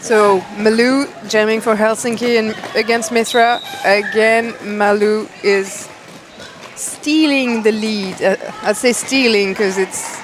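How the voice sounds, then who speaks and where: A woman's voice: on the high side, steady tone, slow. Playful woman co-commentating roller derby. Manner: playful, joking asides. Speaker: color commentator. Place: sports arena. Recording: noisy live event background.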